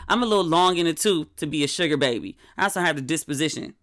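A middle-aged woman hosting a podcast, chatting casually in a candid, wry, animated way. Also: deep voice, quick pace. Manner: candid, wry and animated, with sudden quoted outbursts. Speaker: podcast host. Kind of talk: casual solo podcast chat.

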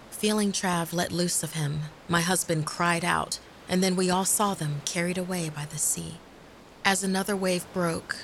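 A woman narrating a horror story in a hushed, half-whispered delivery as host. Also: lowish voice, gravelly, slight background noise. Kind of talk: scripted narration.

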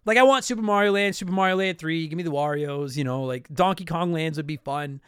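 A man's voice: fairly high pitch, quick pace, fairly bright tone, clear, resonant tone, no room sound, clean studio sound. A man from Canada hosting a podcast and answering listener mail, rambling and apologizing as he cuts himself off mid-sentence. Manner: rambling, self-interrupting, apologetic. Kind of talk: casual podcast chat.

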